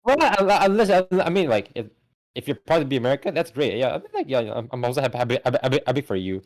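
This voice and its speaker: A man's voice: mid-range voice, rapid-fire. Podcast dude ranting about movies, swings up and down a lot, trips over his words. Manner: animated, stammering restarts, swears. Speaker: podcast co-host. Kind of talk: casual chat.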